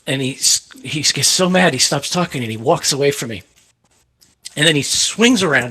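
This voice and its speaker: A man, a photographer, telling a lively anecdote on a panel and acting out the quotes. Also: mid-range voice, brisk, slightly rough. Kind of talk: storytelling on a panel.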